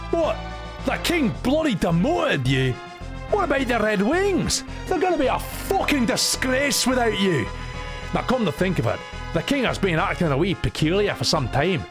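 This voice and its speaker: A man voicing a gruff, foul-mouthed older airship engineer, swearing and scolding. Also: high-pitched, pitched above the performer's own voice.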